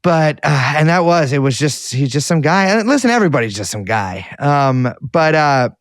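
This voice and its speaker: A man's voice: a little high, big pitch swings, normal speed, dry recording, studio quality. A man co-hosting a podcast, telling a rambling, self-deprecating story in casual chat with lots of restarts. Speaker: podcast co-host reporting back.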